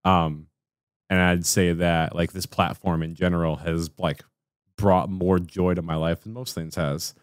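A man's voice: sits low, level tone, unhurried, clear, resonant tone, no echo, clean studio sound. A man hosting a casual podcast chat, rambling and restarting his sentences, with exasperated asides. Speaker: podcast host.

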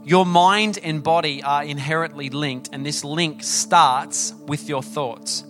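Young Aussie male pastor, casual animated sermon delivery, bright and a touch high. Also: takes it slowly, faint music behind. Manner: chatty storytelling, animated, many fillers. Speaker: preacher.

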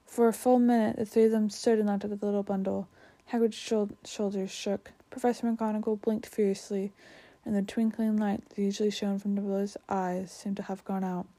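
A woman's voice: medium pitch, level tone, fairly quick, mellow. A woman reading a storybook aloud, sometimes tripping over words and correcting herself.

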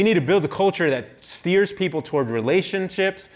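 Animated man telling a sermon story. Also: high-pitched, brisk. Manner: animated storyteller, self-deprecating. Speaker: pastor.

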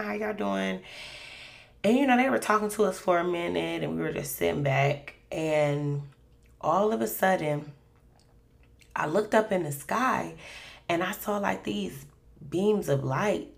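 A woman's voice: low-pitched, vocal fry. A woman hosting a faith podcast, telling a personal story in a rambling, conversational way full of fillers. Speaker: podcast host.

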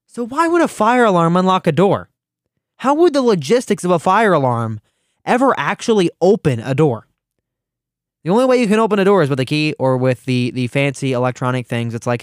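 A man's voice: on the high side, a little fast, no echo, clean studio sound. Teenage man hosting a sarcastic political rant. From Ohio, US. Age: teens. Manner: animated, sarcastic, with frequent restarts. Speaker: radio show host.

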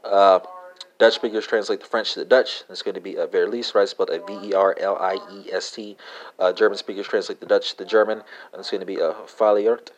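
A man hosting a language podcast, talking haltingly with many fillers and spelling words out letter by letter. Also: sits low, steady tone. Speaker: podcast host. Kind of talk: language lesson monologue.

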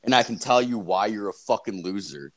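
Casting: young guy, low-pitched, profane podcast storyteller who laughs a lot. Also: lively intonation, brisk, a bit bright. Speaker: podcast co-host. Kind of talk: casual podcast chat.

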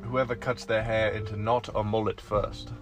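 A man's voice: on the low side, level tone, normal speed, faint music behind. A man co-hosting a podcast, joining in with easygoing, teasing banter. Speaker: podcast co-host. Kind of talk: casual chat.

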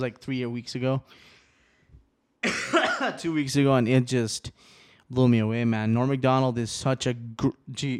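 Man, podcast host, casual solo chat, rambling, profane, mid-range voice, small home studio. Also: mid-range voice. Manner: rambling, profane, swings between subdued and excited.

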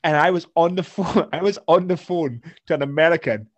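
A Scottish man co-hosting a podcast in a rambling, filler-heavy way. His voice sits a little higher than most men's. He drifts through his stories and turns animated as he goes. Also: brisk, highs cut off. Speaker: podcast co-host. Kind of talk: casual chat.

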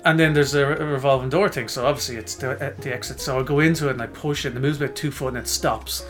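A man's voice: mid-range voice, quick pace, soft background music. A man, co-hosting a podcast and telling a self-mocking story in casual chat, acting out the voices of the people in it. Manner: animated, self-mocking, acts out quoted voices. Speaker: podcast co-host.

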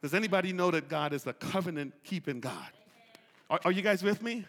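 A high, bright-voiced man preaches a sermon in a church. He talks with a folksy drawl and calls out to the congregation for answers. His voice swings widely and rings out with a long hall reverb. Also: lively intonation, fairly quick. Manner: impassioned call-and-response preaching; folksy, drawls "y'all" and "ain't". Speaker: pastor. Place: church sanctuary.

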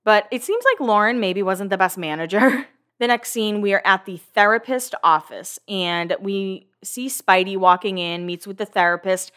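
A woman's voice: mid-range voice, lively intonation, normal speed, fairly bright tone. Chatty woman podcaster. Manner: chatty, filler-heavy, occasional swearing. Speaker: podcast host. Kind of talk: casual recap podcast.

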